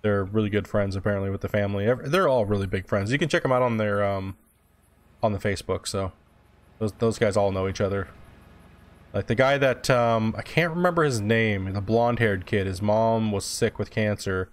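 A man's voice: lowish voice, brisk. A young man streaming a game, chatting loosely with viewers, swearing freely and answering chat as he plays. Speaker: gaming streamer. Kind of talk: casual live-stream chat.

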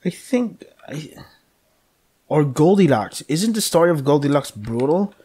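A man's voice: fairly high pitch, sing-song, measured pace, mellow, husky. Rambling, joking man playing a game. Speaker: let's play gamer. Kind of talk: casual gameplay commentary.

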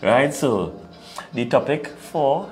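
A man's voice: mid-range voice, slow, soft background music. A man with a Trinidadian accent, co-hosting an opinionated talk show and lecturing his listeners. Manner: animated, preachy, laughs at his own points.

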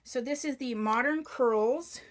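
A wig seller hosts a live-stream sale, her high-pitched voice upbeat and a little slow as she speaks loudly into a microphone. She's chatty, gushing over products and answering viewers by name.

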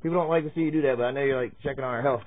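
A man's voice: mid-range voice, racing. A man chatting playfully with his dogs at home while filming them, teasing them and swearing freely. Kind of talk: casual talk to pets while filming. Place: inside a home. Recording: tinny, phone-like sound.

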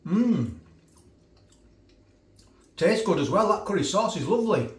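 A man's voice: high voice, big pitch swings, measured pace. A man casually reviewing food for his vlog, chatty, often restarting and eating while he talks. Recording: echoey room from a distance.

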